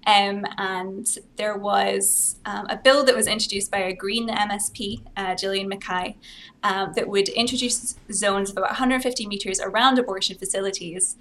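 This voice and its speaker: A woman's voice: medium pitch, steady tone, moderate pace, fairly bright tone, a little hiss or hum. A young woman from Scotland whose accent sounds somewhat American, explaining her views earnestly and steadily as a podcast guest. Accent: Scottish with an American-sounding lilt. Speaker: guest advocate. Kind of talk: podcast interview.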